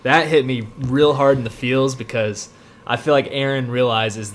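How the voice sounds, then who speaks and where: A man's voice: medium pitch, steady tone, moderate pace, slight background noise. A man co-hosting a podcast, chatting casually, earnest and teasing, swearing now and then. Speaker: podcast co-host.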